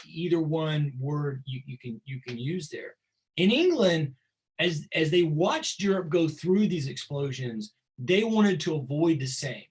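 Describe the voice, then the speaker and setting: A man's voice: on the high side, rough recording. A middle-aged man teaching a recorded history lesson in a casual, conversational way, often repeating words as he thinks and asking rhetorical questions. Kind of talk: lecture.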